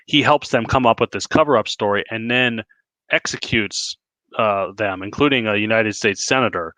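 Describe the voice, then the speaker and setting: Podcast guest, man, lowish pitch, bright forceful tone, long plot-recounting turns. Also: no room sound. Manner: talks in long, plot-recounting stretches with fillers. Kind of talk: casual movie review chat.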